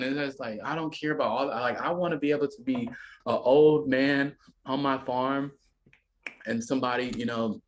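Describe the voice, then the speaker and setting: Man, podcast guest, mid-pitched, rambling and filler-heavy, casual. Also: fairly even intonation, moderate pace, slight background noise. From United States. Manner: rambling, filler-heavy, often acts out quoted voices.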